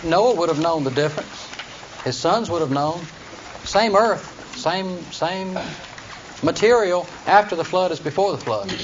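High-voiced man teaching a Bible class. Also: expressive, measured pace. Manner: explains plainly, reads scripture aloud in King James wording. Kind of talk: Bible study lesson to a class. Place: classroom with students. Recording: dull lo-fi recording with faint noise.

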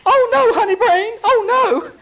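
A man voicing a scheming, seductive woman in a shrill, pleading falsetto, in a dull lo-fi recording. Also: measured pace, fairly bright tone, exaggerated voice. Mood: alarmed.

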